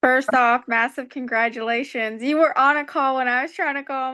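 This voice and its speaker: A woman's voice: sits high, fairly even intonation, normal speed, bright, forceful tone. A woman giving a heartfelt, gushing speech of gratitude on a video call. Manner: gushing, effusive, grateful.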